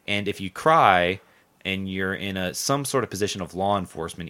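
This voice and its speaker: A man's voice: sits low, a bit bright. A man hosting a podcast, rambling sarcastically and swearing a lot as he chats about local news. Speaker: podcast host. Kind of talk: casual profane local-news chat.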